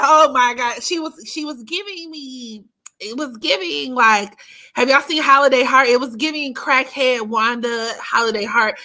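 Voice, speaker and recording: A woman, telling a story in a casual chat, animated and profane, often laughing. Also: high voice, measured pace. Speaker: astrology streamer.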